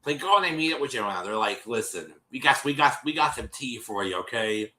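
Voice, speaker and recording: Male host, casual recap chat, very bright tense tone, rambling delivery. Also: medium pitch, animated, fast. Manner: rambling, many restarts, acts out quotes. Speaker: show host recapping an episode.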